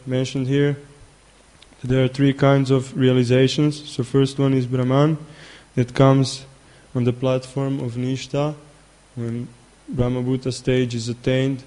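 A man giving a spiritual talk who tells a story in a halting way, repeating words and filling gaps with "uh". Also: medium pitch, dark tone. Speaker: spiritual teacher. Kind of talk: sermon with storytelling.

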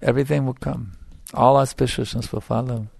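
A middle-aged man with a gravelly, creaky voice, giving an emphatic devotional lecture. He repeats his phrases for stress, and the recording is close and dry. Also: medium pitch, fairly even intonation, fairly quick, a little mellow, dry recording. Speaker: spiritual teacher.

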